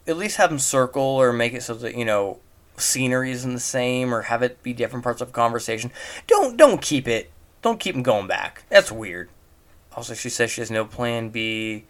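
Speaking from a home setup, this male movie reviewer has a medium-pitched, fairly bright tone. He ridicules the film in casual commentary, firing off disbelieving rhetorical questions.

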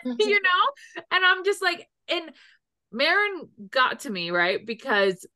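Woman co-host, excitable fan, rambling gush, bright and forceful tone. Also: high voice, a little slow, no echo, studio quality. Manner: gushing, rambling, lots of 'like'. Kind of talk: casual fan chat.

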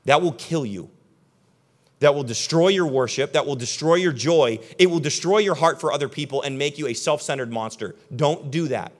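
Young guy pastor preaching, kinda higher voice, chatty and punchy, talking right at the crowd. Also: normal speed. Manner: conversational, emphatic, addresses the audience directly. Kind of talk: sermon. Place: church hall with a live audience.

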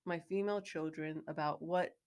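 A woman in her forties with a Midwestern accent, co-hosting a podcast in casual chat, playful and quick to laugh. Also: deep voice. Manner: laughs often, animated and playful. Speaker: podcast co-host. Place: recorded in Wichita, Kansas.

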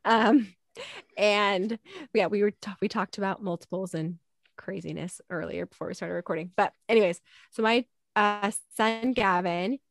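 A woman's voice: mid-range voice, vocal fry, no echo. Chatty woman, dry close sound. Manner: chatty, laughs often, quick asides. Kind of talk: casual chat.

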